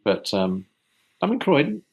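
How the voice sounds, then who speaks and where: A man's voice: on the high side, sing-song, unhurried, rough recording. A man from South London, a voice actor guest, chatting thoughtfully in an interview over a video call with many small restarts. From South London, England. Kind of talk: casual interview chat.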